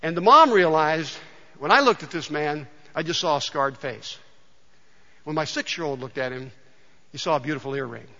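A male pastor preaching a sermon in a conversational, storytelling way, often dropping soft and quiet. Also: a little high, moderate pace. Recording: dull sound with long hall reverb.

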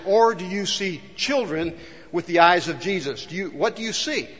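A man's voice: high voice, expressive, moderate pace, fairly bright tone, breathy edge. A man from California preaching a sermon, earnestly asking the congregation rhetorical questions. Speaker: pastor. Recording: dull, long reverb in a hall.

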